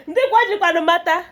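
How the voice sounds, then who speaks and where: In a casual indoor vlog at home, a young Nigerian woman talks to the camera and her baby son, coaxing him playfully and laughing often. Her voice is very high-pitched, bright and forceful.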